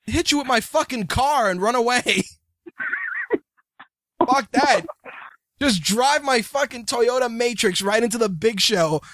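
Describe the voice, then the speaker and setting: A man's voice: extremely high pitch, expressive, slow pace, long pauses, a bit bright, no echo. A man hosting a podcast, ranting in profane casual banter. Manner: ranting, swearing, mocking. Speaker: podcast host.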